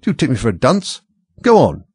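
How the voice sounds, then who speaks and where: A man voicing a short-tempered king presiding over a trial, loud, threatening and impatient. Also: mid-range voice, wildly swooping pitch, brisk, breathy edge, no room sound, clean studio sound, pitched above the performer's own voice. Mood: blustering.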